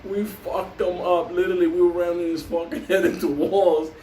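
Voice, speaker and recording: A man's voice: high-pitched, little pitch movement, moderate pace, warm tone, distant mic, a little hiss or hum. A man telling a wild story in casual, profane talk, laughing often and acting out the voices of the people in it. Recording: roomy, off-mic with faint ambience.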